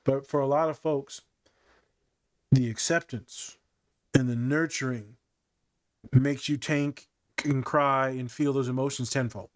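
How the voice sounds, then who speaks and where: A man's voice: mid-range voice, fairly even intonation, unhurried, long pauses. A man who works as a therapist, hosting a casual podcast discussion and telling candid, profane stories from his work.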